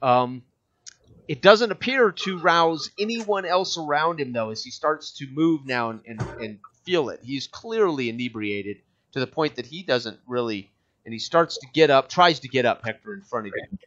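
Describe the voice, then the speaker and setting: A man's voice: medium pitch, expressive, moderate pace, fairly bright tone. Man running a tabletop game. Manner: loose, filler-heavy narration. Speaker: game master. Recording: muffled lo-fi audio.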